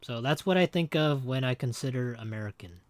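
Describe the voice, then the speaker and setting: A man's voice: mid-range voice, expressive, brisk, no room sound. Rambling, joking male game streamer. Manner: rambling and joking, chatting with viewers. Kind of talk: casual livestream chat.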